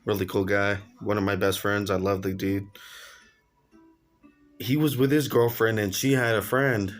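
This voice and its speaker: Young man, lowish voice, slangy storytelling, faint music behind. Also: fairly even intonation, a little slow. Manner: laid-back slangy, laughs while telling. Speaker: vlogger. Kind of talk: casual storytelling.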